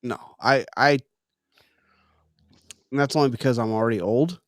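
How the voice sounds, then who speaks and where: A man's voice: mid-range voice, moderate pace, dry recording, clean studio sound. A middle-aged man co-hosting a casual chat over drinks, rambling and laughing easily. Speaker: podcast co-host.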